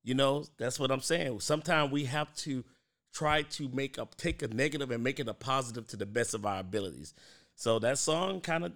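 A man's voice: mid-range voice, fairly quick, fairly bright tone. A man in his thirties hosting a podcast alone, chatting casually and talking straight to his listeners. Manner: chatty, addresses listeners as "y'all", frequent restarts and fillers. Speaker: podcast host.

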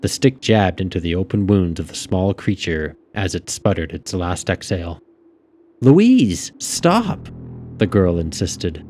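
A man calmly reading a story aloud as narrator. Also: deep voice, normal speed, few pauses, a little hiss or hum.

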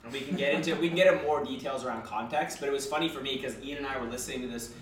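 A young man co-hosting a casual podcast chat, an animated storyteller who laughs often. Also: mid-range voice, racing, a little hiss or hum. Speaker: podcast co-host. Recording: very echoey room, distant mic.

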